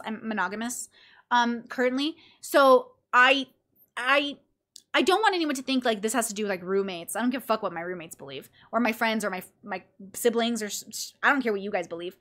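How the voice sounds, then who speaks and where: A woman's voice: fairly high pitch, a bit bright. A tired woman hosting her own podcast, talking casually and animatedly, acting out friends and swearing freely. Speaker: podcast host.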